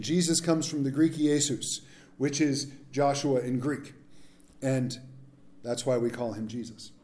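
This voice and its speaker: Guy preaching, cracks jokes, kinda high but mellow voice. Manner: jokey, animated preaching with asides. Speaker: pastor. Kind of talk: sermon.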